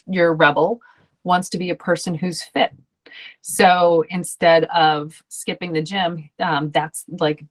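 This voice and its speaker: A woman coach talking to parents in a chatty, loose way, full of ums and restarts, acting out the voices she quotes. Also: sits low. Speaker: ADHD coach.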